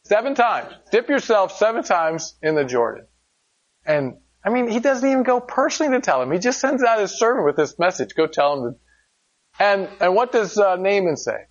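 Casting: high-pitched male pastor, lively storytelling sermon, slightly dull lo-fi recording. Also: moderate pace. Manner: conversational preaching, rhetorical questions, animated storytelling.

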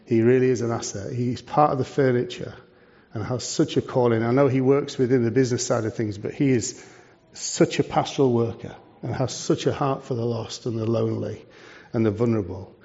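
A man's voice: medium pitch, fairly even intonation, fairly quick, mellow. A man, a charity leader giving a preaching talk to a church, conversational and full of rhetorical questions. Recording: dull lo-fi sound.

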